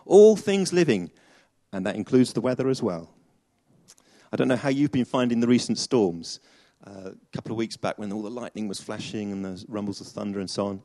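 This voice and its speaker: A man's voice: mid-range voice, a little mellow. A man preaching a chatty sermon to a congregation, with many fillers and restarts.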